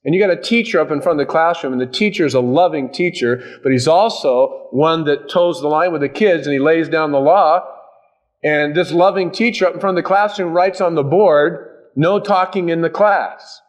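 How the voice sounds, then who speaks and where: A man preaching a sermon in an emphatic, folksy, animated way. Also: on the high side, fairly quick.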